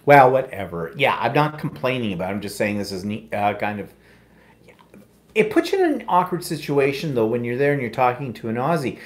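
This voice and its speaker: A man's voice: mid-range voice, very animated, brisk. A middle-aged man with an Ontario Canadian accent, co-hosting a casual live chat in a wry, self-deprecating way. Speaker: co-host.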